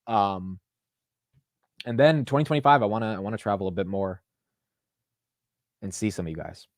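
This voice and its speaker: A young man hosting a finance livestream, talking in an excitable, rambling way and calling his viewers bro and dude. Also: lowish voice, normal speed, no room sound, clean studio sound. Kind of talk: casual live-stream chat.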